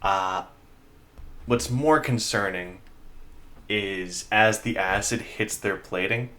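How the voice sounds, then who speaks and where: A man narrating a tabletop game as game master, in a measured, descriptive way with many fillers. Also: fairly low pitch, sharp tone, slight background noise.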